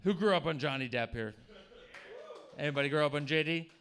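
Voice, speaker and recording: A man's voice: on the high side, fairly quick, a bit bright. A man doing a crude, provocative stand-up set in a comedy club. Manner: crude, provocative, jumps into mocking voices.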